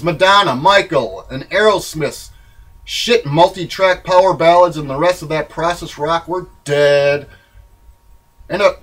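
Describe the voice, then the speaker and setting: A man reading his own memoir in a rambling, wry, irreverent way, swinging between loud bursts and low mutters. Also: a little slow, low-quality recording. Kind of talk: spoken-word memoir reading.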